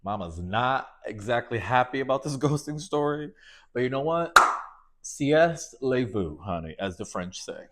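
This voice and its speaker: A man's voice: mid-range voice, lively intonation, normal speed, bright, forceful tone, a little hiss or hum. A man hosting a solo podcast, talking in a sassy, campy way, laughing often and calling listeners baby and honey. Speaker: podcast host. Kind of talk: casual solo podcast monologue.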